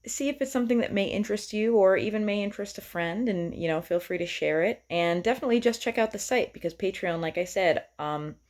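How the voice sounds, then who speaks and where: A woman's voice: medium pitch, fast talker, hardly any pauses, darkish tone. A woman singer-songwriter talking casually and enthusiastically to her viewers, with lots of fillers. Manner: chatty and enthusiastic, with many fillers.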